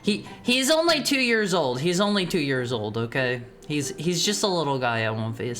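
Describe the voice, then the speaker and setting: Woman streamer rambling to chat, kinda low voice but super bouncy, stammers and restarts a lot. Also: very animated, moderate pace, fairly bright tone. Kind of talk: casual live-stream chat.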